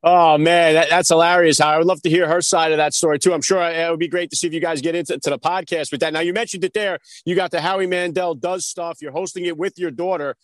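A male podcast host rattles off eager, wordy questions at a quick clip. His voice sits a little higher than most men's. The recording is dry, with no room sound. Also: fairly even intonation, no room sound. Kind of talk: interview questions.

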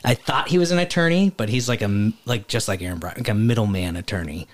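A man's voice: fairly low pitch, quick pace. A man in casual podcast chat, telling a rambling story and swearing freely. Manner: animated storyteller, swears often, acts out voices.

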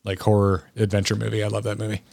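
A man's voice: fairly low pitch, completely flat delivery, fast talker, vocal fry, darkish tone, no echo, clean studio sound. A man co-hosting a podcast, chatting casually and eagerly about films, rambling with many restarts. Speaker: podcast co-host. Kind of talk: casual movie chat.

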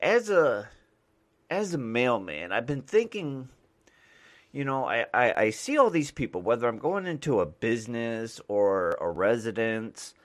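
A man from the United States, a mailman and podcast host, rambling casually with lots of fillers and restarts. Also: medium pitch.

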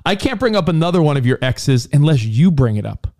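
A man co-hosting a casual radio talk show, chatty and quick, often tripping over his words. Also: on the high side, big pitch swings, darkish tone. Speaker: co-host.

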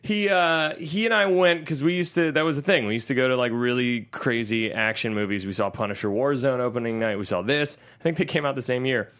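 A man co-hosting a podcast, chatting enthusiastically and rambling through a movie review with quick asides. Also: medium pitch, a bit bright. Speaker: podcast co-host. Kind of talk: casual movie-review chat.

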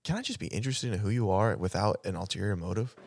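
A man's voice: on the low side, quick pace, gravelly, darkish tone. A man co-hosting a podcast in casual chat, teasing the others, talking a lot and laughing often. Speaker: podcast co-host.

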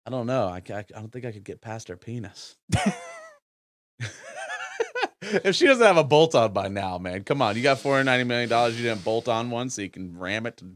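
A man's voice: mid-range voice, animated, brisk, long pauses, a bit bright, no echo. A man co-hosting a podcast, joking crudely with mocking asides and frequent laughs. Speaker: podcast co-host. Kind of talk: casual crude banter.

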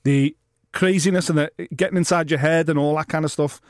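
A man co-hosting a boxing podcast, talking fast and sweary, acting out little scenes in funny voices. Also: fairly high pitch, fairly even intonation, smooth, dry recording, studio quality. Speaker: podcast co-host. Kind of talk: casual boxing chat.

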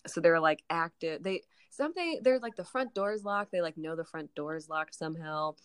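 A woman's voice: sits low, animated, a little fast, clear, resonant tone, dry recording, studio quality. Rambling, swearing woman on a podcast. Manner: rambling retelling full of "like" and frequent swearing. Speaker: podcast co-host recapping a TV episode. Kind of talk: casual chat.

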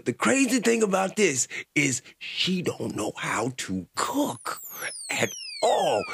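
A man's voice: fairly high pitch, creaky, slightly rough. A man hosting a reaction show, talking in casual, profane, slangy commentary. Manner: animated, slangy, swears freely.

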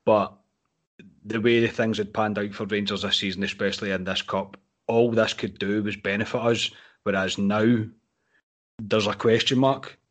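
A man's voice: fairly low pitch, little pitch movement, moderate pace. A young Scottish man hosting a casual fan podcast, frustrated and swearing about a lost match. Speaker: podcast host.

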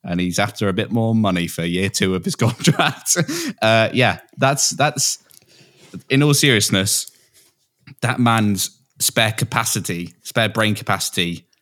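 A man's voice: fairly low pitch, measured pace, a bit bright. A man co-hosting a casual sports podcast, talking in a jokey, chatty way. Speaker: podcast co-host. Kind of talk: casual chat.

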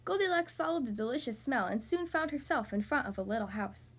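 A woman hosting a podcast, reading a storybook aloud to young children in an expressive, animated way. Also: fairly high pitch, a little fast, a little hiss or hum.

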